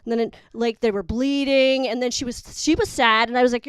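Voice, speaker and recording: A young woman doing a stand-up set, her voice high and smooth, recorded close and dry. She rambles and mocks herself in an exasperated way. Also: steady tone, fairly quick, no room sound. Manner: rambling, exasperated, self-mocking. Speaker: stand-up comic. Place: live studio audience.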